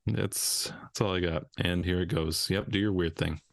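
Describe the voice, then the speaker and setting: Joking Minnesota podcast host, low voice. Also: male voice, steady tone, moderate pace, vocal fry, no room sound. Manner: jokey, laughs often, swears casually. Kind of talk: casual podcast banter.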